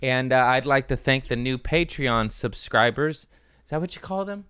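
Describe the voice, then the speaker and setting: Comedy podcast host, a man with an animated delivery in a dry room. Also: mid-range voice, moderate pace, clean tone, no echo. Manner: joking, rambling, throws in silly voices. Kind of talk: casual comedic chat.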